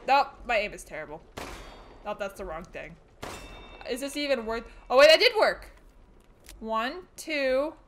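A woman streamer talks her way through a horror game in a high-pitched voice. Her tone is bright and sharp. She is jumpy and excitable and argues out loud with the characters chasing her. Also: a little hiss or hum. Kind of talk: let's play commentary.

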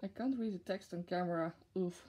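A woman's voice: fairly low pitch, brisk, dark tone. A young woman vlogging an unboxing in casual chat to camera, gushing and giggly. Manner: gushing and giggly, with frequent laughs. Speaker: vlogger showing a plush unboxing.

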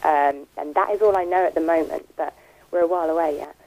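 A young British actress chatting in an interview, giggly and full of ums, heard over a phone line. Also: female voice, low voice, steady tone, fast, darkish tone. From Britain. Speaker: actress guest. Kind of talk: casual interview. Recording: tinny phone-line radio sound.

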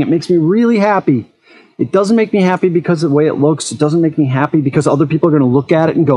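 A man's voice: on the high side, animated, fast, a little mellow, breathy edge. A man hosting an eFoil channel, talking frankly in a casual monologue and telling personal stories.

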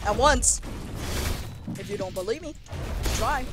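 A speaker giving live gameplay commentary, trash-talking opponents and swinging between low mutters and sudden yells. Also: lively intonation, measured pace, over music. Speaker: gamer.

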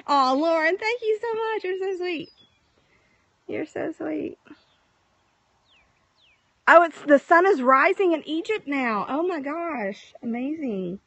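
A woman's voice: sits high, fairly bright tone, no echo. Chatty woman live-streaming outdoors. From Texas. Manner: chatty, greets viewers by name. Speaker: livestream host. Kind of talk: casual live-stream chat. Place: outdoors in the countryside at sunset.

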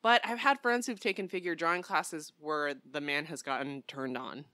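A woman's voice: deep voice, moderate pace, sharp tone, no echo. A young woman co-hosting a podcast, chatting casually and telling playful, joking stories. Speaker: podcast co-host. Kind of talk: casual chat.

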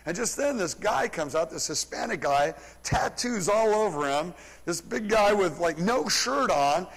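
High-voiced preacher in a reverberant hall. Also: male voice, a little slow. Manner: animated, chuckling storyteller. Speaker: pastor. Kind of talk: sermon storytelling. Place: church service, large room. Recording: live church recording with long hall reverb.

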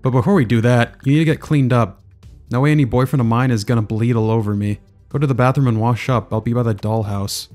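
A man voicing a bossy, dramatic little kindergarten girl who scolds in a shrill, theatrical way. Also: steady tone, quick pace, a little mellow, faint music behind, close to an everyday voice.

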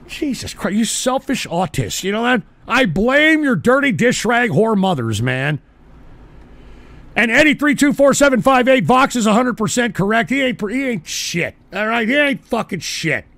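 A man hosting a live call-in stream, ranting belligerently at his chat and bursting into shouts, talking into a desk microphone. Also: extremely high pitch, big pitch swings, normal speed, gravelly, no room sound. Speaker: call-in show host. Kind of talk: profane live-stream rant.

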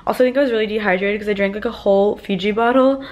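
A woman's voice: medium pitch, very fast, a little mellow. A woman vlogging in a rambling, chatty way, full of filler "like"s, sounding tired at the end of the day. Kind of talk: casual vlog chat.

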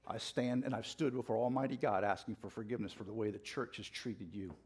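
A man's voice: on the low side, fairly even intonation, quick pace, husky. A man preaching a passionate sermon in a church, getting fired up and calling out questions to the congregation. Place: church sanctuary.

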